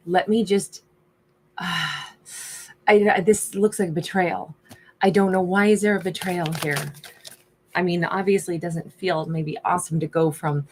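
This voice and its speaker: A woman's voice: lowish voice, normal speed, slightly rough. Woman musing through a tarot reading. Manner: musing, thinks aloud while reading cards. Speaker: tarot reader. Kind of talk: casual tarot storytelling.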